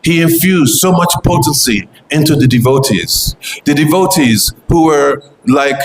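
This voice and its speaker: A man's voice: on the high side, animated, measured pace, hardly any pauses, slight background noise. Fervent man preaching in an echoey space. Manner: earnest, repetitive, fervent. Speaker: devotional speaker. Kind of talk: devotional memorial talk.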